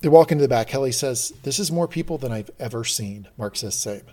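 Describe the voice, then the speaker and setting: A man's voice: medium pitch, animated, brisk, dark tone. A man co-hosting a casual recap podcast, acting out character lines with big jumps in his voice. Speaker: podcast co-host recapping a TV episode. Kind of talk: casual chat.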